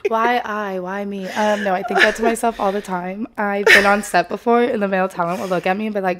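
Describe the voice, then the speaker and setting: A woman's voice: medium pitch, moderate pace, background noise. Young adult woman, podcast guest, casual giggly storyteller, mid-range voice. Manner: giggly storyteller, acts out quotes. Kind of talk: casual chat.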